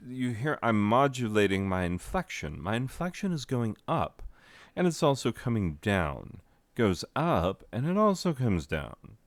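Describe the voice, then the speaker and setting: Man, game commentary, deadpan, goofy, dry close sound. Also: mid-range voice, unhurried, no echo. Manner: deadpan, goofy asides, mock rapping. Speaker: gaming video host. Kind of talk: rambling joking game commentary.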